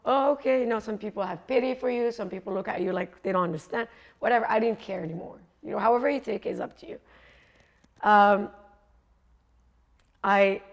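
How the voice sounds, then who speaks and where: A middle-aged woman from Africa, a coach and speaker, telling a lively travel story and acting out the voices of people she met. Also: medium pitch, fairly quick, creaky, pauses often. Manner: animated storyteller, acts out quoted voices, laughs often. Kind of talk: storytelling talk.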